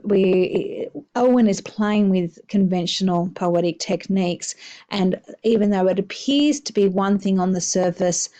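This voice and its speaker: A woman's voice: mid-range voice, mellow, dull audio. A woman English teacher talking through a poem in a recorded lesson, explaining at an easy pace with many hesitations and fillers.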